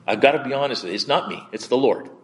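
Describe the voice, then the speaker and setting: A male pastor preaching in a conversational, candid way, often halting and repeating words as he tells a personal story. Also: medium pitch, lively intonation, long reverb tail, noisy background.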